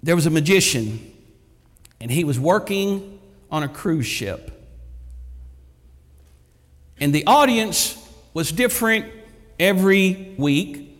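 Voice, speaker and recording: A man's voice: high voice, fairly bright tone. A man, preaching a sermon and telling stories with lots of repetition for emphasis. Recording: echoey hall.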